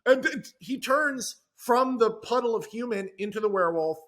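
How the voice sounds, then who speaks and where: A man with a very high, bright voice, talking casually as a podcast guest. He tells an animated, rambling story packed with asides and side comments, and his tone is sharp and forward. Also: normal speed. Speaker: screenwriter guest.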